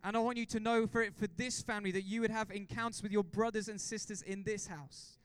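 A man preaching a sermon as pastor, excitable and exhorting the congregation with repeated questions. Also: sits high, fast talker, clean tone.

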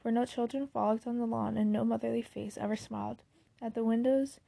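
A woman reads a classic novel aloud at a steady pace and sometimes restarts a phrase. Her voice is mellow with a gravelly texture. The recording is close and dry, with no room sound. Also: fairly high pitch, fairly quick, dry recording. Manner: steady reading with occasional restarts. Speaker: audiobook reader.

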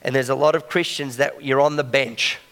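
A man's voice: medium pitch, fairly even intonation, moderate pace, fairly bright tone, clear, resonant tone, long reverb tail. A man preaching a sermon in a conversational way, often checking in with the congregation.

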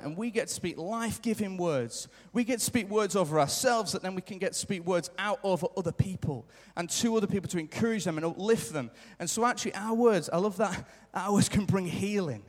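Preaching live in a church hall, a man earnestly repeats key lines for emphasis and occasionally acts out little quotes. His high voice moves fairly quickly with hardly any pauses, and the recording carries the hall's live reverb.

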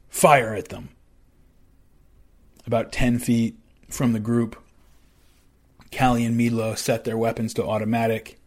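A man podcaster narrating history in a measured, conversational way, with fillers and restarts. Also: lowish voice.

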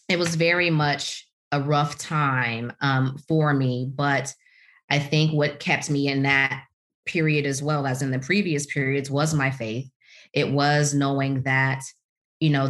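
A middle-aged woman from the United States telling her career story in an interview, animated and full of "you know" fillers. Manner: animated storytelling, voices quotes with big pitch leaps. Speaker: guest, author. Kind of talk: podcast interview, personal story.

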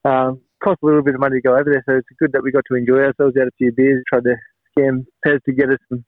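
A man's voice: mid-range voice, flat delivery, fast, no echo. A man in his thirties with an Australian accent, a laid-back, rambling guest in a casual chat. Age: 30s. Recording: tinny phone line.

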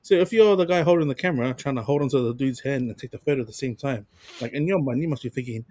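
A man with a New Zealand accent, co-hosting a podcast and telling funny stories in a relaxed, slangy way. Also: medium pitch, fast talker, dry recording. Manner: laid-back storytelling with slang and chuckles. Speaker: podcast co-host. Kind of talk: casual chat.

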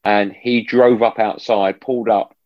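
A man guesting on a podcast, telling stories in an animated, emphatic way and repeating phrases for emphasis. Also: lowish voice, measured pace, no room sound, muffled recording. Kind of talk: casual storytelling chat.

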